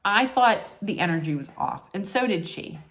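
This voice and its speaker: A woman's voice: mid-range voice, expressive, moderate pace, a bit bright. A woman ranting casually in a vlog recap, blunt and emphatic, cursing freely and using plenty of fillers. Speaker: vlogger recapping a reality show. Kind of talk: casual rant.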